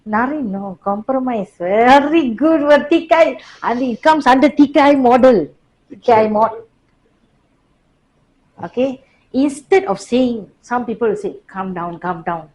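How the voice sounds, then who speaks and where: A woman teaching a workplace class, lively but slowing for deliberate emphasis. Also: a little high, poor audio. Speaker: workplace trainer. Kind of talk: classroom lecture.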